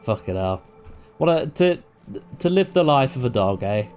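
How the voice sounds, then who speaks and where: A man's voice: medium pitch, very animated, moderate pace, a little mellow, faint music behind. Brief: guy streaming a game, jokey and meandering, bouncy intonation. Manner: rambling, joking, swears casually. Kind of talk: casual let's-play commentary.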